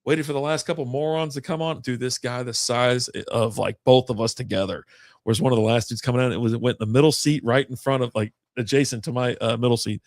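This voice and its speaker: A man's voice: medium pitch, fairly even intonation, fast, no echo, studio quality. Profane rambling man telling a story. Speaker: podcast co-host. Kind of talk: casual chat.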